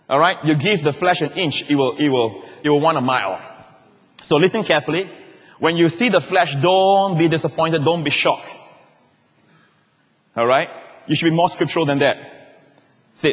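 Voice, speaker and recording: A man preaching a sermon to a church crowd, animated, often checking in with "all right?" and rising to shouts on key lines. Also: on the high side, normal speed, pauses often, husky. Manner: repeats words and restarts, asks the crowd "all right?". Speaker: pastor. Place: large church hall. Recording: live hall echo.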